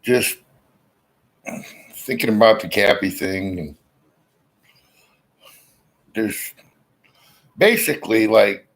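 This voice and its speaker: A man with a very low, gravelly voice talks his way through a rambling, suspicious monologue, cursing as he goes. Hiccups keep interrupting him. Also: takes it slowly, pauses often, low-quality recording. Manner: rambling, suspicious, swears freely. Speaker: vlogger. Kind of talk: casual rambling monologue to camera.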